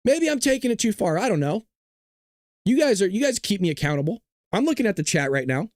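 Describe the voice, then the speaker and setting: A man hosting a live stream, ranting loudly with heavy swearing and jokes while he reads the chat. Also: high voice, big pitch swings, fast, no room sound, clean studio sound. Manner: loud, ranting, profane, jokey. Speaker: livestream host.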